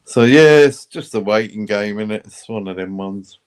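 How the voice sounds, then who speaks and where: A man's voice: on the low side, normal speed, smooth. A man chatting casually on a live stream, telling rambling stories, swearing and acting out other people's voices. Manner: rambling storyteller, swears, acts out quoted voices. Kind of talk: casual chat.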